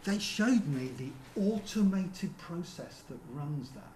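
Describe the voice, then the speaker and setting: A man presenting at a seminar in a theatre, talking conversationally with frequent ums and quick rhetorical checks with the audience. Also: fairly high pitch, animated, darkish tone. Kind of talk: conference presentation. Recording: roomy venue with faint background hum.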